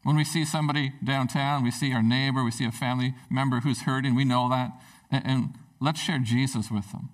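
A man's voice: mid-range voice, steady tone, brisk, recorded from a distance, low-quality recording. A man preaching a sermon as pastor, speaking in an earnest, conversational way with frequent restarts.

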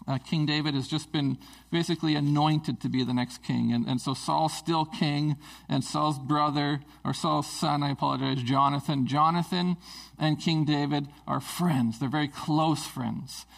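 A male preacher delivers a conversational sermon, asking the congregation rhetorical questions. His voice is gravelly, with a fairly high pitch. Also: steady tone, normal speed.

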